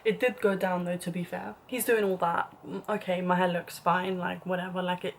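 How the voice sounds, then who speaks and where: A woman's voice: lowish voice, level tone, moderate pace, vocal fry, a little hiss or hum. A young woman telling a dramatic story in a casual vlog, chatty and full of "like", sometimes dropping to a whispered aside. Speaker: vlogger.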